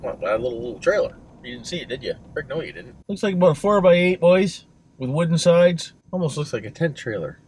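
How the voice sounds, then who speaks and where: A middle-aged man with a Canadian accent rants at his camera from behind the wheel. His voice sits high and leaps all over the place, full of folksy swearing and put-on outrage. Steady car and road noise runs under every word. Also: fairly quick. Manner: profane, mock-worked-up, folksy. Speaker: vlogger. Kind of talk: casual driving vlog rant. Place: inside a moving car. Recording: noisy car interior.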